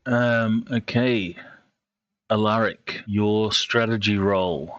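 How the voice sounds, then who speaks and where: Lower-voiced man running a tabletop game. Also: steady tone, no echo. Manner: halting, with many ums and uhs. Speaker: game master. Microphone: online call mic. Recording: dull lo-fi mic with faint noise.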